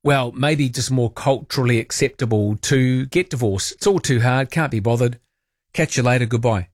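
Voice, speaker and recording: A man's voice: mid-range voice, normal speed, dry recording, studio quality. A man with a New Zealand accent hosting overnight talk radio, chatty and wry, asking listeners questions. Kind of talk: casual radio chat. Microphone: studio microphone.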